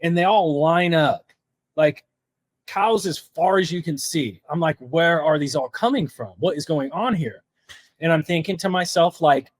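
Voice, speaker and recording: A man's voice: fairly high pitch, measured pace, slightly rough, no echo. A middle-aged man earnestly recounting a personal story as a podcast guest, full of "like" fillers. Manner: earnest, heavy use of "like" fillers.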